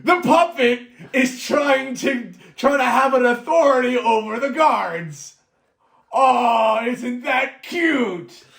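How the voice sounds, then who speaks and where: A man voicing a scornful male dwarf who shouts and sneers. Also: very high-pitched, expressive, takes it slowly, vocal fry, voice pushed up, full character voice. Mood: mocking. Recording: roomy echo.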